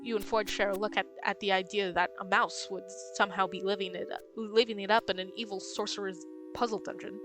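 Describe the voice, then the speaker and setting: A woman streamer reading game text aloud and thinking out loud, hesitant and full of ums. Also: mid-range voice, steady tone, brisk, hardly any pauses. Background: game music.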